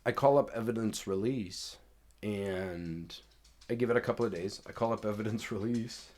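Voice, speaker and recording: A man's voice: on the low side, normal speed, darkish tone. A man casually telling a personal story as host, cursing freely and acting out both sides of the conversations. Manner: profane, emphatic, acts out both sides of conversations.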